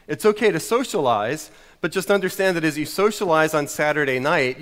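A man's voice: fairly high pitch, fairly bright tone, big-room sound. A middle-aged American man preaching a sermon, telling a story in a wry, self-mocking way. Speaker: pastor.

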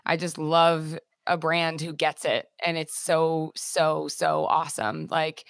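A woman's voice: low-pitched, monotone, takes it slowly, vocal fry, clean tone, no room sound, studio quality. A woman host and fitness instructor chatting casually, full of fillers and fond of analogies. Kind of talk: casual interview chat.

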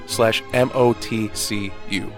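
A man's voice: on the low side, fairly even intonation, slow, music in the background. A man co-hosting a podcast over a video call, enthusiastic and teasing, reading a sponsor plug. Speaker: podcast co-host. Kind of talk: casual podcast chat and ad read.

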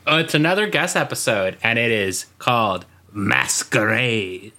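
A man's voice: medium pitch, lively intonation, a little slow, pushed and bright. A man co-hosting a podcast in casual chat, rambling and laughing at his own jokes. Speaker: podcast co-host.

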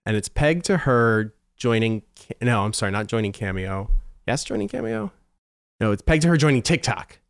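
A man chatting wryly as a podcast co-host, dropping quick asides in a mid-range voice. The recording is dry and close, with no room sound at all. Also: mid-range voice, very animated, vocal fry, no room sound. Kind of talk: casual chat.

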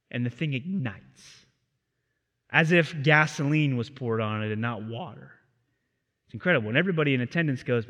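A male pastor preaching a sermon in a theatre, telling the story in an animated, casual way. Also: medium pitch, normal speed, lo-fi sound. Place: theatre used as a church. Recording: reverberant theatre hall.

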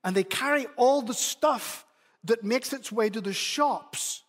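A man's voice: very high-pitched, a little slow, long reverb tail, voice pushed up. A preacher voicing his seven-year-old son as an earnest boy eagerly telling a secret. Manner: eager, insistent, correcting.

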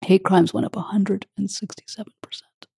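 A woman's voice: mid-range voice, fairly even intonation, brisk, creaky, darkish tone, husky, dry recording, clean studio sound. A woman hosting an interview, openly emotional and affirming toward her guest. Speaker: host. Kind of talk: interview conversation.

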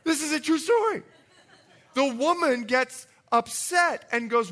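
Speaking at a normal speed in a very high, animated voice, a pastor delivers a sermon built around a story. He tosses in jokes along the way and shifts back and forth from booming to quiet.

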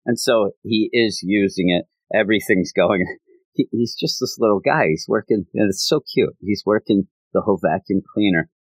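A man's voice: fairly low pitch, moderate pace, no echo, rough recording. A man casually recapping a story in a rambling, amused way with many asides. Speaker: anime reviewer.

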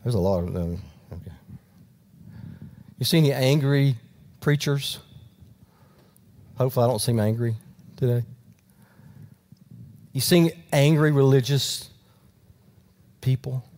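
A pastor preaching a sermon in a conversational storytelling way, with frequent asides to the congregation. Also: male voice, medium pitch, measured pace, long pauses, a little mellow.

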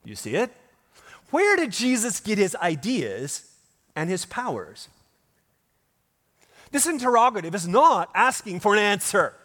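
A man's voice: high-pitched, big pitch swings, a little slow, long pauses, sharp tone. A male pastor delivering a sermon in a church, emphatic and full of rhetorical questions. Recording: long hall reverb.

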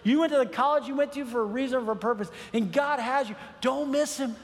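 A man's voice: extremely high pitch, a little fast. A middle-aged man pastor telling a personal story in a sermon, earnest and building to emphatic preaching. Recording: long hall reverb.

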